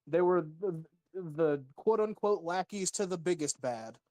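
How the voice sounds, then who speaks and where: A man's voice: sits high, a little slow, warm tone, no room sound. A man co-hosting a casual gaming chat, making rambling arguments full of fillers.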